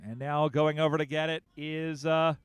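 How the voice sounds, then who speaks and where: A man calling a live game as play-by-play commentator, building excitement in quick bursts on the big plays. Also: fairly high pitch, clear, resonant tone, no echo. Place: outdoor sports field broadcast.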